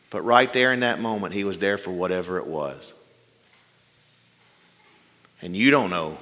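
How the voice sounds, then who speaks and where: A male preacher delivering a sermon with folksy humorous asides, swinging between loud bursts and hushed, drawn-out phrases. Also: deep voice. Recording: long reverb from a large hall.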